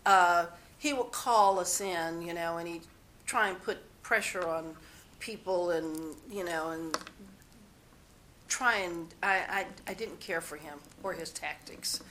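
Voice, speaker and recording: A woman's voice: fairly low pitch, slow pace, fairly bright tone, a little hiss or hum. A woman being interviewed, telling personal stories in a rambling, candid way and often restarting her sentences. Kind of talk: personal storytelling.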